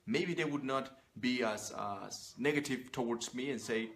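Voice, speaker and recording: A man's voice: medium pitch, normal speed, soft background music. A young man coaching on personal image in a blunt, profane, emphatic monologue to camera.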